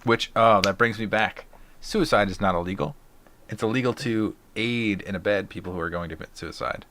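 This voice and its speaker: A man with a fairly low voice co-hosts a relaxed podcast. He chats loosely and drops joking remarks in between. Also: brisk. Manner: joking interjections and frequent laughter. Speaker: podcast co-host. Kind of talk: casual chat.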